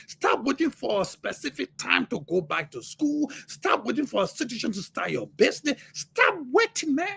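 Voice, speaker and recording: A man preaching on a livestream as a motivational speaker, fervent, repeating words and bursting into shouts. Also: very high voice, gravelly, slightly rough.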